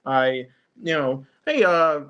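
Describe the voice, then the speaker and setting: A man on a political panel, mocking and halting, with many fillers. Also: a little high, big pitch swings, bright, forceful tone, clear, resonant tone. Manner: mocking, halting with fillers, acts out imagined quotes.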